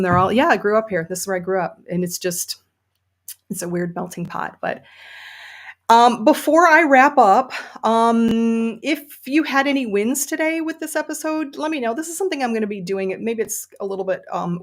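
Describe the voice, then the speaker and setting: A woman hosting a casual livestream, chatty and enthusiastic, with many fillers. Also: medium pitch. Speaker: podcast host and novelist.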